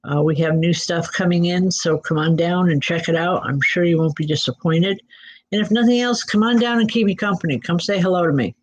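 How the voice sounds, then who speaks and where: Gentle reassuring woman medium, lo-fi. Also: lowish voice, a little fast. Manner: gentle, reassuring, speaks straight to listeners by name. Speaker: psychic medium. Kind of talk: live spirit readings and announcements. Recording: dull lo-fi recording.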